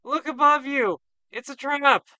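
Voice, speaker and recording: A man voicing a terrified gibbering madman in a computer role-playing game, shouting in frantic babbling bursts. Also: very high-pitched, a little slow, no room sound, pitched above the performer's own voice, exaggerated voice. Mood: panicked. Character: terrified gibbering madman, adult male survivor. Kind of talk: reading game text aloud.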